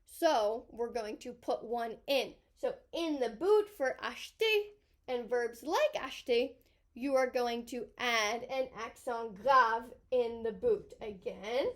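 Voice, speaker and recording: A woman teacher narrates a recorded grammar tutorial, her voice sitting high and light. She moves patiently through each point, pointing out sections of a table as she goes. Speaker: high school French teacher.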